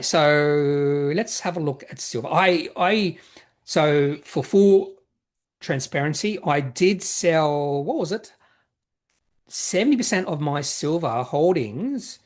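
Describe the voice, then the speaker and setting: Male host, casual market commentary, slightly high-pitched, rambling and self-correcting. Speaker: investing channel host. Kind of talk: casual market commentary, reading viewer questions.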